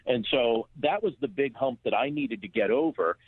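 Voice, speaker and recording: Husky man on a phone line. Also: mid-range voice, moderate pace, dry recording. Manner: earnest, reflective, with small restarts. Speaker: author guest. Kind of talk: phone interview.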